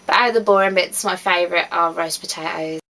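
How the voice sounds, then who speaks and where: A woman's voice: on the low side, steady tone, quick pace, vocal fry, pushed and bright, poor audio. A woman, chatting casually to camera with easy laughs and trailing asides. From West Midlands, England. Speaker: vlogger.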